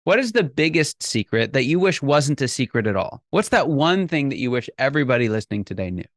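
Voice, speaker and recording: A man's voice: medium pitch, very animated, brisk, dry recording, clean studio sound. A man hosting a podcast interview, reacting enthusiastically and often restarting his phrases. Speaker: podcast host.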